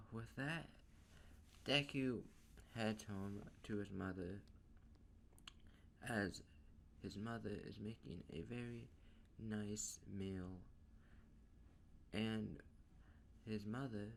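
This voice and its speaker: A man tells a fan story in a slow, unhurried ramble, his low voice rough with fry. He strings events together loosely with plenty of "and" and "like". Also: steady tone, a bit bright, slight background noise. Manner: rambling, casual, drawn out. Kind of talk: casual fan-story narration.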